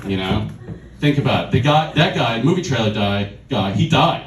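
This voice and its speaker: A man's voice: medium pitch, expressive, normal speed, a little hiss or hum. A male comedian doing a stand-up set, exasperated and swearing through his story. His voice swings up and down, and the club room echoes around him. He is heard from a distance. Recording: roomy club sound from a distance.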